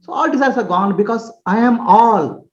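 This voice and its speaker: Lively-voiced man teaching in a roomy hall. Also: high-pitched, normal speed. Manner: explains with homely examples, checks understanding, chuckles often. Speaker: spiritual teacher. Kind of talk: spiritual Q&A teaching. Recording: roomy, dull lo-fi recording.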